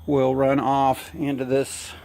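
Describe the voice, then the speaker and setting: Slow, breathless man filming outdoors. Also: medium pitch, completely flat delivery, gravelly, darkish tone. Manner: halting, many fillers. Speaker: hobby gardener vlogger. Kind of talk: casual walk-around vlog. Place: outdoor yard.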